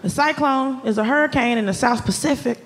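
Exasperated high-voiced woman comic. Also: a little fast, noisy background. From Atlanta, US South. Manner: animated, exasperated ranting with outbursts. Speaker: stand-up comedian. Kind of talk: stand-up comedy set. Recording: live club with loud audience laughter.

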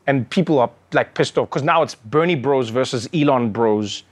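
A man performing stand-up comedy, animated and acting out characters, then hosting his show. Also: medium pitch, normal speed. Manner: animated, acts out characters in shouted bits.

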